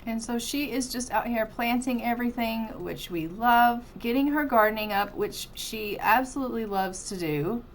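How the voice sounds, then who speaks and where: A woman's voice: a little high, normal speed, hardly any pauses, slight background noise. A woman casually commentating her life-simulation gameplay as a let's-play host, chatty and upbeat. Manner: chatty, upbeat, narrates what she does in the game.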